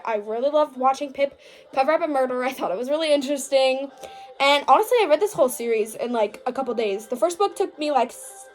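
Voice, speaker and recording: Young woman, high voice, casual vlog book recap, chatty, gushing, filler-heavy, dramatic. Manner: dramatic mock outrage. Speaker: book vlogger.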